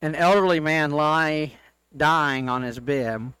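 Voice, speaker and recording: A man reading church jokes aloud as a co-host, in a steady storytelling delivery. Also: a little high, slow pace, clean tone, no echo.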